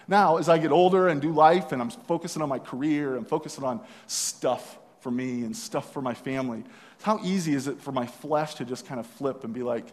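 A young man sharing a personal testimony, telling it in an earnest, halting way with many restarts. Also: on the high side, darkish tone, in a large hall. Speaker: speaker sharing his testimony.

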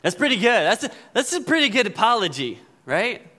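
A man's voice: high-pitched, big pitch swings, a little fast, sharp tone. Man preaching a conversational sermon. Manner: conversational preaching, frequent "right?" asides. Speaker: pastor.

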